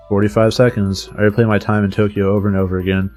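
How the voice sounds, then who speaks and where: A man's voice: lowish voice, level tone, fast talker, darkish tone, soft background music. A man streaming, reading a visual novel aloud in a dramatic voice with casual swearing asides.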